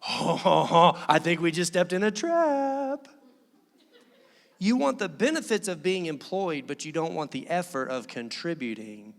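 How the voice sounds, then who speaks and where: A male pastor preaching an animated sermon, acting out quoted voices as he goes. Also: a little high, a little slow. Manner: animated, acts out quoted voices, laughs often. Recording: long reverb of a church hall.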